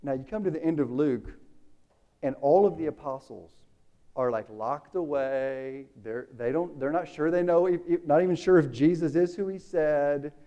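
A man preaching a sermon, casual and animated, acting out the dialogue in the story. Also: a little high, moderate pace, dull audio.

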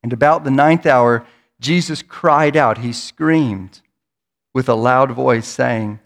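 A man's voice: medium pitch, slow pace, vocal fry. A man preaching a sermon in a church, in an earnest manner, often repeating words as he builds toward a point. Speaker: pastor.

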